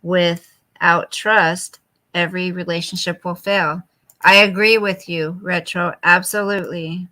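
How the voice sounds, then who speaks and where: Slow, bright-voiced woman in her fifties. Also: lowish voice, fairly even intonation. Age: 50s. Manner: chatty, reads viewer comments aloud and answers them; coos baby talk to her dog. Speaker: livestream host reading viewer chat. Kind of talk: casual late-night live chat.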